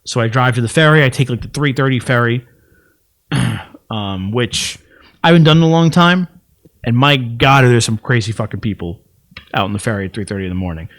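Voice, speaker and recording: A man's voice: mid-range voice, a bit bright. A man co-hosting a podcast, telling rambling anecdotes in casual chat and mimicking relatives as he goes. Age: adult, works for city sanitation. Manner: rambling anecdotes, fast, acts out relatives' voices. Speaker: podcast co-host.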